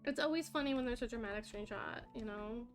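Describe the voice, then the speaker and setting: A woman talks to her chat while she plays, thanking followers and reacting loudly when things go her way. Her voice sits high and bright. Faint game music plays in the background. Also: brisk. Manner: chatty, excitable, talks to chat while playing. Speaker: streamer. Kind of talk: live game stream chat.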